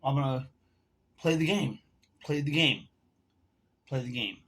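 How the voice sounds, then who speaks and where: A man's voice: mid-range voice, a little slow, fairly bright tone, husky. A man ranting to camera in a casual vlog, telling a heated, profane story while smoking and drinking. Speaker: vlogger.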